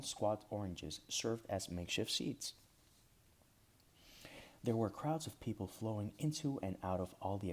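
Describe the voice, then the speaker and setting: A man reading his own whimsical story aloud, gentle and unhurried with small restarts. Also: sits low. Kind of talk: storybook narration.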